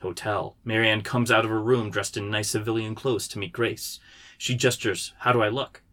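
Low-voiced man reading a screenplay. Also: steady tone, moderate pace, a bit bright. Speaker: writer reading his screenplay. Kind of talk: reading stage directions aloud.

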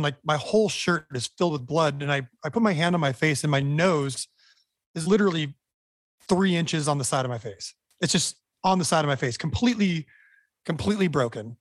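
A man's voice: fairly high pitch, no room sound. Male guest, blunt storyteller, dry close sound. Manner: animated, blunt, swears freely. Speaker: band member guest. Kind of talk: storytelling interview.

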